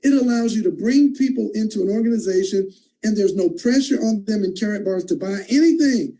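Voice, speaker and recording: Male host, excitable and emphatic; high pitch, very dark timbre. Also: fairly quick, rough recording. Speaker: host of an online call. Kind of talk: enthusiastic moderating.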